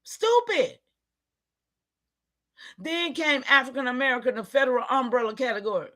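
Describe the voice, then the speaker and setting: A woman giving an impassioned, preachy livestream talk, calling out to her listeners and sometimes shouting in frustration. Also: high-pitched, fast talker. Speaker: online community leader.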